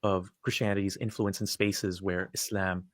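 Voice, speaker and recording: A man delivering a measured, deliberate video monologue as a religious commentator. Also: low-pitched, level tone, no echo, studio quality.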